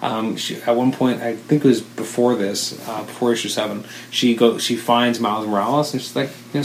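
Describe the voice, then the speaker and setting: A man co-hosting a relaxed chat who rambles and corrects himself as he goes. He is enthusiastic. His voice sits at a middle pitch, and the room gives it a roomy echo over faint background ambience. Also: a little fast, hardly any pauses, a little hiss or hum. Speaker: podcast co-host. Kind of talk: casual chat.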